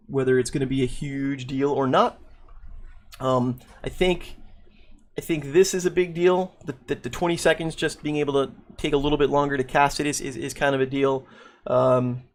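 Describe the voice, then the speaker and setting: A man casually reading and reacting to game patch notes, thinking aloud with many restarts, saying he is losing his voice. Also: on the high side. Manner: thinking aloud with frequent restarts and repeated words. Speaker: gaming video creator.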